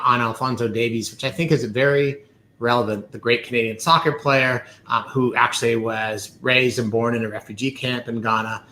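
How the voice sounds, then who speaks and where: A man's voice: mid-range voice, fairly bright tone. A middle-aged man hosting a talk show, speaking earnestly and reflectively. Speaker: host. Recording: echoey room, faint ambient noise.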